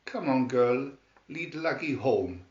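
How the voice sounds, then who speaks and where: A man voicing an earnest young farm boy in a read-aloud storybook, with eager, excited calls. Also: medium pitch, takes it slowly. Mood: coaxing. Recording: roomy, dull lo-fi sound.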